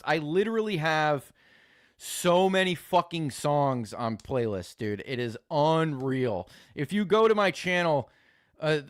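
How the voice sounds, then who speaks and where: A man's voice: on the high side, no echo. Crude joking streamer guy, dry close mic. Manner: crude, joking, rambling, swears a lot. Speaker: streamer host reacting to videos. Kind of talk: casual live-stream chat.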